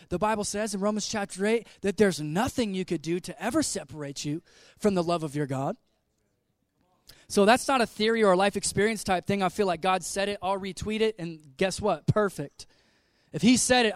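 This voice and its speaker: A man in his twenties, a pastor giving an energetic, joking, conversational sermon in a church. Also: high-pitched, fairly quick, no room sound, clean studio sound. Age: 20s.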